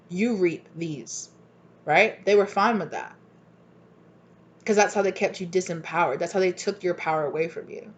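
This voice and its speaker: A woman in a casual spoken tarot reading, with a fairly low voice that leaps up when she acts out other people's lines. She's blunt, swears without a second thought and keeps the talk animated. The recording is dull and lo-fi. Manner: animated, acts out both sides of arguments in sudden high voices. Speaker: tarot reader.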